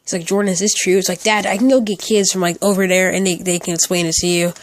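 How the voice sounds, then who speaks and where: A man's voice: high-pitched, fairly even intonation, quick pace. Rambling teenage boy telling a story. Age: teens. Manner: rambling, lots of "like" fillers and restarts. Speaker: storytime YouTuber. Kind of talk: casual storytime narration.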